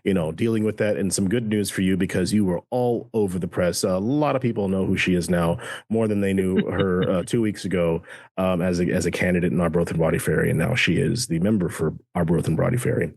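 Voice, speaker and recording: A man's voice: sits low, steady tone, a little fast, vocal fry, a little mellow, slightly rough, no room sound, studio quality. An American man co-hosting a podcast, chatting casually about the news with lots of hesitant ums and restarts. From United States. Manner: hesitant, many fillers and restarts. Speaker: podcast co-host.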